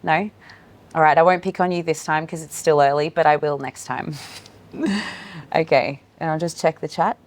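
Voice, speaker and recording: A woman's voice: low voice, normal speed, long pauses. A woman presenting a live training workshop for educators, speaking in an encouraging way to people in the room and online. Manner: warm, encouraging, addresses room and online audience. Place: meeting room with in-person and online attendees.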